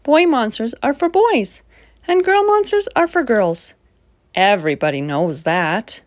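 A woman's voice: on the high side, expressive, measured pace, dry recording, studio quality. Fussy bedtime boy, earnest, woman reader. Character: picky young boy at bedtime.

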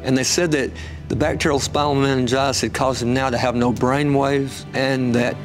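A man telling an emotional personal testimony, growing animated as the story builds. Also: normal speed, music in the background. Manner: storytelling, gets animated and higher when excited. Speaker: guest telling his testimony.

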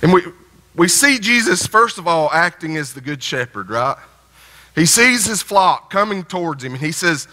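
A man's voice: high voice, lively intonation, normal speed, sharp tone. A man preaching a sermon in a folksy, conversational way, often restarting his phrases. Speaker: pastor. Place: church sanctuary. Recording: church sanctuary with long reverb.

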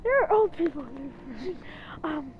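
A woman's voice: very high voice, very animated, measured pace. A young woman vlogging while walking outdoors, rambling casually with lots of "um" and "like". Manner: rambling, giggly, many "um"s and "like"s. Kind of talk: casual chat. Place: outdoors, walking on a town street. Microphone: handheld camera. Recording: muffled outdoor recording with street noise.

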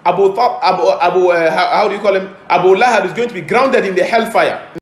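A man giving a religious lecture, explaining grammar and pausing to search for words. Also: high voice. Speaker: preacher in a played clip. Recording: roomy played-back clip.

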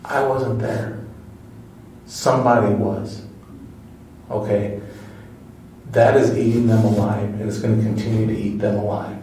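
A man's voice: lowish voice, level tone, a little slow, long pauses, mellow, a little hiss or hum. A man questioning a suspect as a detective, firm and persuasive, often checking in with "okay?". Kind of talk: police interrogation. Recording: echoey room from far off.

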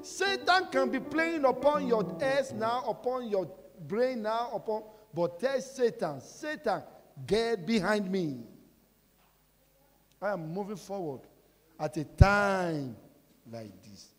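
A man preaching a sermon as pastor, asking the congregation questions and breaking into sudden shouts. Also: sits high, lively intonation, slow pace. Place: large church hall. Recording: reverberant hall with music behind.

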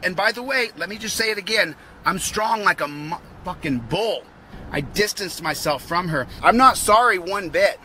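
A man's voice: high-pitched, expressive, moderate pace, sharp tone, slight background noise. A young man in a heated, profane rant to his vlog audience, repeating himself as he vents. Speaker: vlogger. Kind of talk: angry rant to camera.

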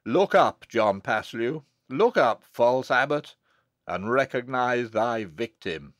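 A man's voice: mid-range voice, animated, unhurried, dry recording, lightly acted. A man reading as a wronged monk who speaks sternly and bitterly in an audiobook. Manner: stern, thundering.

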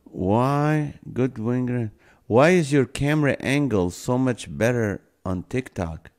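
Slow, laughing male livestream host. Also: mid-range voice, lively intonation, a little mellow. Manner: slow, playful, reading viewer comments aloud and laughing often. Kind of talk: casual live-stream chat. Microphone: phone or camera mic.

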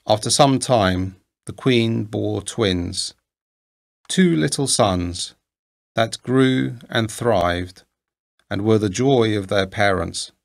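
A man reading an old fairy tale aloud in a measured, deliberate storytelling manner. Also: fairly low pitch, gravelly. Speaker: narrator.

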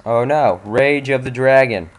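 Commentating on the game he's playing, a young man keeps things casual, sarcastic and profane, punctuated by abrupt bursts of frustration. His mid-range voice moves at an unhurried pace.

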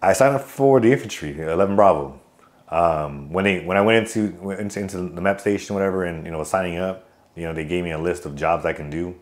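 Very low-voiced outgoing veteran man. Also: fast. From California. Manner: loose, rambling, with many fillers and restarts; outgoing joker telling stories. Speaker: army veteran guest. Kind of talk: casual interview storytelling.

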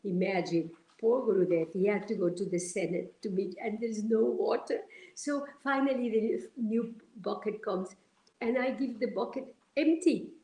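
A woman from Argentina, telling stories as an interview guest in an animated, halting way with many fillers. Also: mid-range voice, echoey room, low-quality recording. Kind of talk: storytelling in an interview.

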